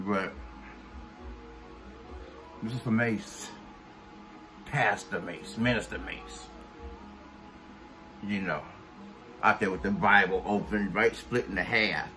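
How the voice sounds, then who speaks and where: A man vlogging a profane, blunt rant, scornful and heavy on cursing. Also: sits low.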